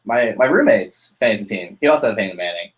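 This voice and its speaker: A young man co-hosting a casual chat show in an easygoing way. His voice sits on the low side, and he often chuckles along with his co-host. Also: expressive, fast talker, low-quality recording. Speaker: podcast co-host.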